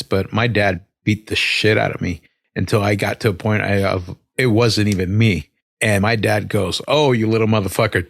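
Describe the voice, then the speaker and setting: A man's voice: lowish voice, no room sound, studio quality. A man in his thirties co-hosting a podcast, talking candidly about raising his kids, with fillers and swearing. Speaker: podcast co-host. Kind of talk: casual chat.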